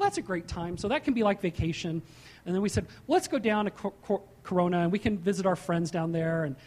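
Emphatic pastor with a high voice. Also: male voice, darkish tone. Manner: emphatic, slows and rises for key points, then drops into chatty storytelling. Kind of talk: sermon.

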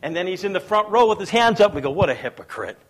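Very animated and quick, a man preaching as pastor weaves stories into his sermon, performing the voices of those he quotes and asking listeners if they're with him. He alternates between hushed, low asides and loud, raised outbursts.

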